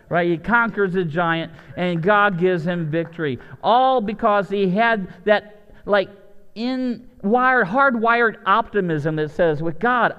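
Pastor man, high smooth voice, big echoey church hall sound, storytelling with energy. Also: muffled recording. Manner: animated storytelling, shifts from excited highs to low asides. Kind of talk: lively sermon with acted-out voices.

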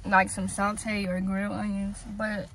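A young woman chatting to her viewers while she eats and reviews fast food, talking with her mouth full. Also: mid-range voice, little pitch movement, fairly bright tone, slight background noise, low-quality recording. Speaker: food vlogger.

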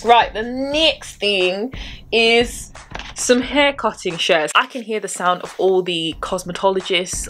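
A woman's voice: mid-range voice, fairly bright tone, a little hiss or hum. A woman chatting casually about hair care tools, with rambling, self-deprecating asides. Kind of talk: casual chat.

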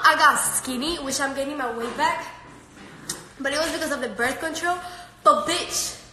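A woman's voice: sits high, sharp tone. A teenage woman chatting casually on a live stream, answering viewer comments in a brash, profane, playful way. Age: teens. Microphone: phone. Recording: roomy, noisy phone live stream.

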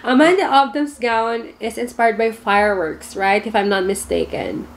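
Her voice is gravelly and on the high side, moving at normal speed. A woman with a Filipino accent, she reacts casually to pageant gowns on her vlog, full of gushing exclamations and unable to pick a favorite, while music plays in the background.

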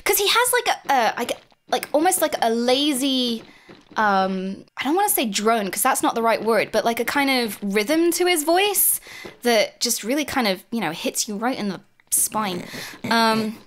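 A woman co-hosting a gaming stream, chatting in an excitable, teasing way and laughing easily. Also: on the high side, normal speed. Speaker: gaming video co-host. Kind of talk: casual chat while gaming on a stream.

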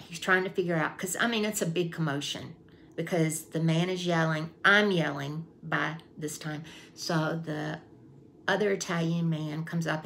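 A woman's voice: deep voice, vocal fry, a bit bright, a little hiss or hum. A woman vlogger casually telling a personal story, chatty, repeating herself and acting out her own past thoughts.

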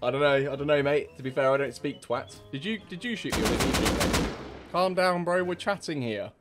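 A man's voice: medium pitch, expressive, a little fast, over loud music. Cheeky man taunting in game chat. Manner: cheeky, mocking banter with British slang. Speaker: game streamer.

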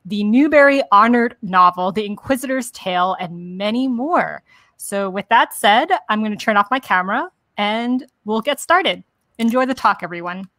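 A woman hosting a bookstore's online event, announcing friendly and clearly. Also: medium pitch, fairly bright tone, dry recording. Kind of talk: scripted event introduction. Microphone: video call.

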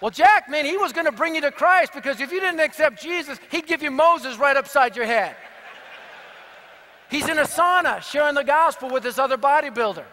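Evangelist, high and bright voice, punchy and comic, big hall. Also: male voice, a little fast. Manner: energetic, punchy, joking. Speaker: evangelist speaker. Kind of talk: sermon with humorous storytelling. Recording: long reverb of a big hall.

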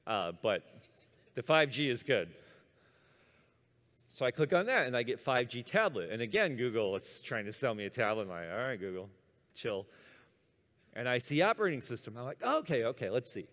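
Animated man giving a conference talk. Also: mid-range voice, a little fast. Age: 50s. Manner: animated, acts out his own inner voice. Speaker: conference speaker. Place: large conference hall. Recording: long hall reverb.

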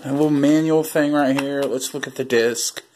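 Guy doing a casual unboxing video, talks straight to the viewers as he goes through the box, middle-pitched voice. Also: fairly even intonation, moderate pace, darkish tone, slight background noise. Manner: chatty, talks to viewers while handling items. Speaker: video host.

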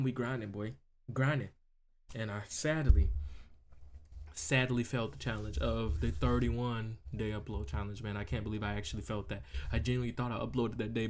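A young man talking casually over his gameplay as a YouTuber, repeating phrases and asking 'you feel me' often. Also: fairly low pitch. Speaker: gaming YouTuber. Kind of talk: casual let's-play commentary.

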